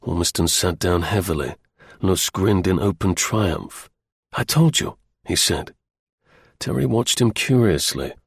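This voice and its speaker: A man narrating a story in a measured storytelling manner. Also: sits low, vocal fry, breathy edge, no echo, clean studio sound. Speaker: audiobook narrator. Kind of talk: scripted narration.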